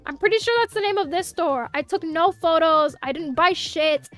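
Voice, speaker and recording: A young woman with a Miami Hispanic accent, chatting casually on a livestream, animated and swearing freely as she answers chat. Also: extremely high pitch, normal speed, faint music behind. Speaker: VTuber streamer.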